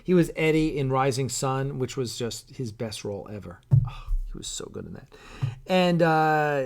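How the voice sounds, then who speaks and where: A middle-aged man hosts a casual live stream, chatting loosely and reading out viewer comments. He rambles, piling up fillers and false starts, and pauses now and then to sip his coffee. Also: mid-range voice. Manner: rambling, with many fillers and restarts. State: sipping coffee while talking. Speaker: show host and producer.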